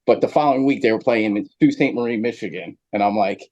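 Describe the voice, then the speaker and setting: A man's voice: fairly low pitch, fast, few pauses, highs cut off. A man from New Jersey, a podcast guest, telling a long story in casual chat, full of fillers and asides. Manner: rambling, animated storyteller with many fillers.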